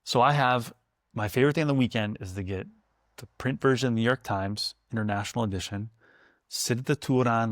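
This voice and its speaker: A man speaking as a food historian guest, telling anecdotes in a chatty, animated way. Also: medium pitch, no echo, clean studio sound. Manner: chatty storyteller, animated and laughing. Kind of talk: casual conversation.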